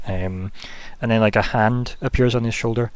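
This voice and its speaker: A man's voice: fairly low pitch, fairly even intonation, moderate pace, clean tone, dry recording. A man narrating a tabletop game as game master, rambling casually with plenty of fillers. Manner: rambling, loose, full of fillers like "kinda" and "like".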